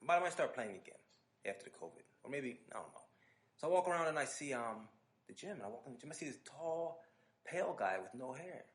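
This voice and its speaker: A man hosting a podcast, telling an animated, casual story full of restarts and asides. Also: medium pitch, fast talker. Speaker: podcast host.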